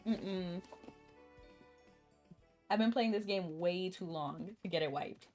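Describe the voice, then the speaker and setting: A woman's voice: fairly low pitch, takes it slowly, a little mellow, faint music behind. A woman live-streaming a game, chatting casually and answering her chat, with a cough now and then.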